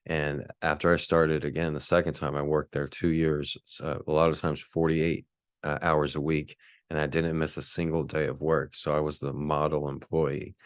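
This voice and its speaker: A man's voice: very deep voice, level tone, normal speed, no echo, clean studio sound. A man in his forties from Texas, telling a rambling, laid-back story as a podcast host. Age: 40s. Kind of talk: casual storytelling monologue.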